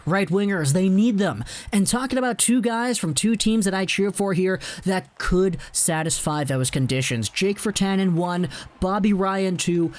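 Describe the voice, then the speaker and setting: A young man runs through his takes on his own in a chatty, opinionated way, now and then dry and sarcastic. His voice sits a little higher than most men's. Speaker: hockey video host. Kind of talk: solo commentary video.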